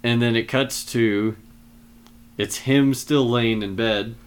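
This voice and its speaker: A man casually retelling film scenes in a relaxed chat, with many fillers. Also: medium pitch, takes it slowly, clear, resonant tone.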